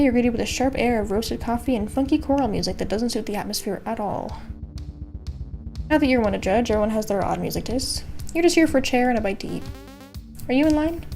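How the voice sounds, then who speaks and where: A woman's voice: fairly high pitch, dark tone. A woman streamer reading a dating game aloud, narrating with playful, chatty asides.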